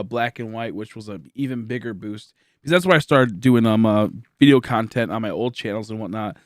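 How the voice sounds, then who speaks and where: Tired and chatty, a young man from Michigan, USA, hosts a livestream, rambling along with lots of fillers and restarts. The recording of his mid-range voice is dry and of studio quality.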